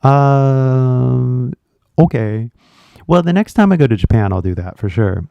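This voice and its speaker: Gravelly Californian man chatting casually. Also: mid-range voice, measured pace, no room sound, highs cut off. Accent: Californian American. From California, USA. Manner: rambling, animated, talks directly to viewers. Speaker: English teacher and channel host. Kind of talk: casual chat.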